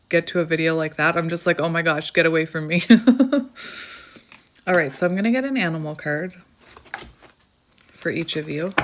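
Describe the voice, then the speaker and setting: Chatty woman reading tarot, low voice. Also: noisy background. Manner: chatty, laughs often, thinks aloud. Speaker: tarot reader. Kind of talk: casual tarot reading to camera.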